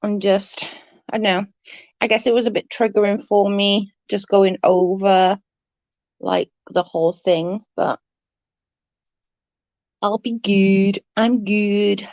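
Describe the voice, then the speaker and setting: A woman's voice: mid-range voice, fairly even intonation, slow pace, long pauses, a little mellow, dry recording, lo-fi sound. A woman streaming live, chatting casually and rambling with her viewers, swearing now and then.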